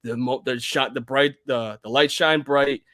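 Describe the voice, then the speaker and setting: A young man co-hosting a casual sports podcast from home, animated and rambling, jumping into excited outbursts. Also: mid-range voice, unhurried. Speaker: podcast co-host. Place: home room.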